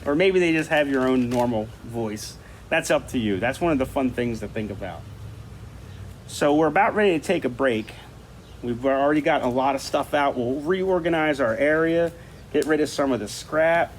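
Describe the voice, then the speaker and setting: An easygoing man gives a relaxed, chatty art lesson and thinks out loud as he works on a craft project. His voice sits at an ordinary middle pitch. Faint room noise hums underneath. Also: normal speed. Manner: easygoing, thinks aloud while drawing. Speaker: art teacher. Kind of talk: casual talk-along art lesson.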